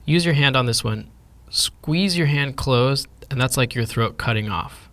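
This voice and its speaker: A man talking slowly and patiently as he teaches pronunciation. His voice sits at an ordinary pitch. He models each sound with careful, deliberate delivery. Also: fairly bright tone. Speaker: language teacher. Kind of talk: pronunciation lesson.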